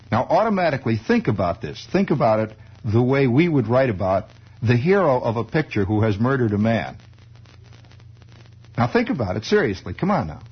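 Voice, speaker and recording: In this dull, lo-fi old radio recording, a man with a mid-range, slightly breathy voice delivers a wry comic monologue. He rambles and digresses in a conversational radio style, telling a meandering funny story.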